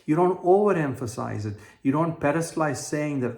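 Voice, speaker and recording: A man's voice: medium pitch, expressive, moderate pace, creaky, few pauses, a little mellow. Earnest self-help coach man, echoey room. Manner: earnest and repetitive, uses everyday examples, frequent fillers and restarts. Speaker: manifestation coach. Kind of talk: motivational self-help talk. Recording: roomy echo.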